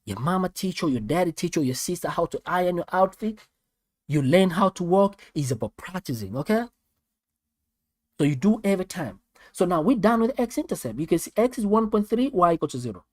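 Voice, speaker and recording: Animated South African maths tutor. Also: male voice, high voice, a little fast, no room sound, studio quality. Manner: animated, repeats steps, talks straight to viewers. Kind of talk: live online maths lesson.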